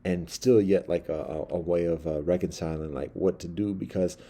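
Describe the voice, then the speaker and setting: A man's voice: deep voice, fairly even intonation, normal speed, warm tone. A man telling a personal story in a casual, rambling monologue with many asides. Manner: rambling, loose, full of fillers and asides.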